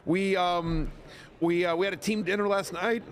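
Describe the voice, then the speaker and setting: A man hosting a live sports talk show, joking and upbeat in quick back-and-forth banter. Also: high-pitched, steady tone. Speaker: host. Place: broadcast set at a sports event.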